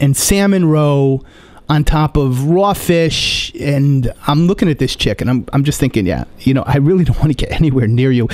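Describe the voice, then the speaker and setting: A man riffs through a sarcastic comic monologue, rambling and cutting himself off mid-thought. His voice sits a little high for a man, and the recording is close and dry with no room sound. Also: darkish tone, no echo. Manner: rambling, sarcastic, self-interrupting. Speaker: podcast host.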